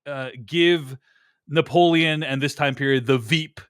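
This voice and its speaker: High-voiced man, dry close sound. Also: fairly even intonation, fairly bright tone, smooth, no room sound. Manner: measured, hedging, playing devil's advocate. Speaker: podcast co-host. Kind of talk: casual film review chat.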